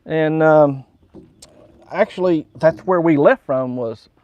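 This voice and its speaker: A man's voice: on the high side, animated, slow pace, pauses often, highs cut off, slight background noise. Folksy West Virginian man chatting live. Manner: rambling and folksy, reads viewer comments aloud and chuckles often. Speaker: host of a live morning coffee stream. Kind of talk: casual live-stream chat.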